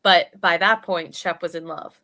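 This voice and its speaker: Talking casually about reality TV, this podcast host is a woman in her thirties who leans heavily on "like" as a filler. Her fairly low voice holds a steady tone, bright and forceful, at a slightly slow pace.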